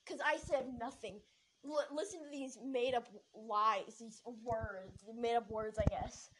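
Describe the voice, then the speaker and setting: High-voiced woman rambling through a story. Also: a little slow, slight background noise, low-quality recording. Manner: rambling, excited, many restarts. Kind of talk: casual storytelling.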